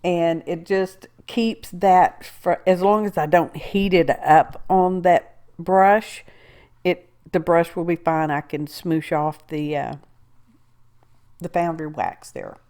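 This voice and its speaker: A woman's voice: on the low side, takes it slowly, a little mellow. A woman, chatting her way through a crafting tutorial, rambling with asides and talking to herself as she works. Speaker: craft video host. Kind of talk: casual crafting tutorial narration.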